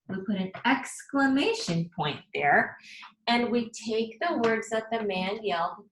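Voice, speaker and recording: A woman's voice: on the high side, expressive, low-quality recording. A woman teacher giving a recorded lesson, explaining patiently and addressing her students directly. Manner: patient and deliberate, repeats and rereads examples aloud. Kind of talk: recorded remote classroom lesson.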